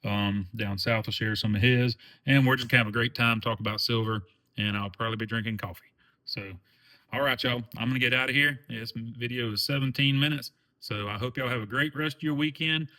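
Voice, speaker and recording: A man's voice: medium pitch, steady tone, a little fast, pushed and bright. A man with a Southern US accent hosting his own channel, talking in a folksy, earnest way with lots of fillers. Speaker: channel host. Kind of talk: casual vlog chat.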